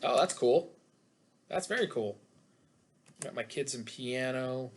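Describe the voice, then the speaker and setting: A middle-aged man lecturing physics over a video call from home, mid-pitched and talkative. He jokes with his students between steps of a problem. A faint hum sits behind his computer mic. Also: expressive, slow. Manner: chatty, jokey asides to students. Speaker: physics instructor. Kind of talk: online lecture.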